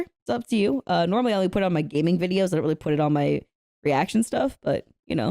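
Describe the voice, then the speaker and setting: A woman's voice: on the low side, lively intonation, very fast, creaky, warm tone, no room sound, clean studio sound. Giggly, foul-mouthed young woman streamer. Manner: giggly, profane, playful, talks to chat. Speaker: streamer reacting to a video. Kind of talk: casual reaction chat.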